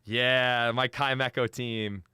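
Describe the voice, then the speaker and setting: A man's voice: medium pitch, steady tone, takes it slowly, pushed and bright, smooth, no echo, clean studio sound. A young adult man chatting on a live stream, laughing often and talking straight to his chat. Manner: giggly, frequent laughter; chatty, addresses chat directly.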